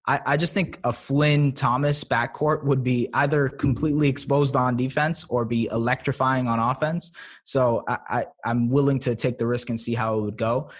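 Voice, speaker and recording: A man's voice: medium pitch, steady tone, normal speed. Guy chatting on a podcast, easygoing, jokes at himself, medium voice. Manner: laughing, self-deprecating, playful. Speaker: podcast guest. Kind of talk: casual podcast chat.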